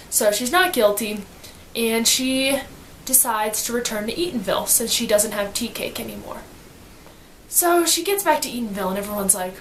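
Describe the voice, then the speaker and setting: A woman giving a casual book summary in slangy, animated storytelling, acting out quotes as she goes. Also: a little high, moderate pace, a little hiss or hum. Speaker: student reviewer.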